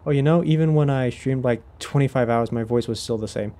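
A man commentates his game stream in an easygoing, chatty way, breaking into laughter and replying to viewers between moves. His voice sits in a mid range with a dark, mellow tone. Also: mid-range voice, a little fast. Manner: chatty, laughs often, answers chat while playing. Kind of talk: casual live-stream commentary.

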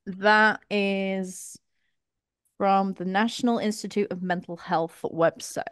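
A chatty British woman hosts a podcast in a casual, giggly way. Her pitch sits in a middle range. The sound is dry and close. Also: steady tone, slow, fairly bright tone, smooth, no echo. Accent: British English. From England. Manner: chatty, giggly, reads from notes. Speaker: podcast host. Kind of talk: casual group chat.

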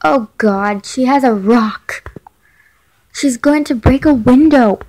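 A scared teenage girl, read aloud by a woman, asks worried questions that pile up while she waits for help. The voice sits a little high, and the lines come slowly and carefully. It sounds like someone reading a chat story aloud. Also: a little mellow, rough recording. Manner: frightened, pleading questions. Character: anxious teenage girl texting her mother.

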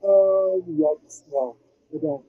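An older man, a film composer, telling rambling, animated stories in a casual interview, with many restarts and fillers. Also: fairly high pitch, slow, slightly rough, no room sound, narrow, tinny audio.

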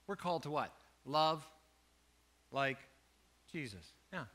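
A male pastor preaches with a high, sharp, tense voice. He tells stories in an animated way and jokes at his own expense as he makes his point. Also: takes it slowly. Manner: storytelling, animated, self-joking. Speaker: lead pastor. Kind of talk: sermon.

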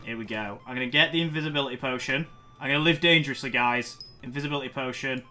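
A young man giving excited commentary over his own gameplay, talking to himself and getting loud in fights. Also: medium pitch, fast talker, faint music behind. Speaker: gaming YouTuber.

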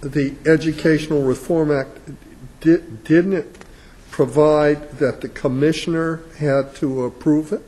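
Male judge on the bench, mellow higher voice, probing questions. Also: steady tone, unhurried. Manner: probing, interjecting questions with small restarts. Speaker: appellate judge questioning counsel. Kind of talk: courtroom questioning. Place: courtroom.

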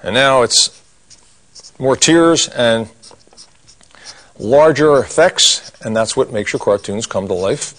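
A man's voice: mid-range voice, measured pace, long pauses, a bit bright. A middle-aged man teaching a cartoon drawing lesson, talking through each step as he draws and cracking corny jokes. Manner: folksy, corny jokes, talks while drawing. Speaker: drawing instructor.

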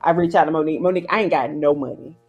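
A woman, telling an animated story as an interview guest and acting out other people's voices. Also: low-pitched, very fast, breathy edge, highs cut off, faint music behind. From South Carolina, US. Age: 30s. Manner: acts out quoted voices, slangy and emphatic. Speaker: guest filmmaker. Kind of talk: animated storytelling in casual chat.

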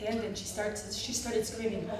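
A woman medical clown with an Israeli accent telling a personal story to a panel audience, animated, with frequent laughter and halting restarts. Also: mid-range voice. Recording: echoey hall, distant mic, audience noise.

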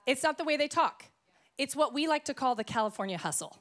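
A woman pastor from Idaho preaching a sermon in church, telling stories in a playful, lively way. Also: high voice, quick pace.

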